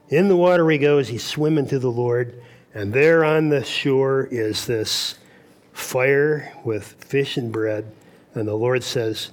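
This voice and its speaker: A man preaching a sermon at a camp meeting, telling Bible stories and acting out the dialogue. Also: medium pitch. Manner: storytelling, acts out dialogue in quotes.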